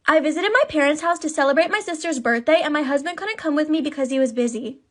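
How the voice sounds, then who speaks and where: A woman's voice: high-pitched, quick pace. A woman's text-to-speech voice reading first-person advice-forum stories as narration. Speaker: storytime narrator.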